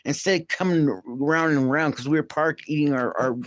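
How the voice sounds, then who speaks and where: A man's voice: a little high, a little fast, fairly bright tone. A man in his late fifties hosting a live stream, talking in a blunt, rambling way and laughing between his stories. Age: late 50s.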